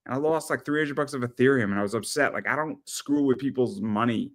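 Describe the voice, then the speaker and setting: A man hosting a casual podcast chat, rambling and animated, often repeating words as he tells stories. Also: mid-range voice, fast talker. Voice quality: rambling, animated storyteller with frequent stammered repeats. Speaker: podcast host.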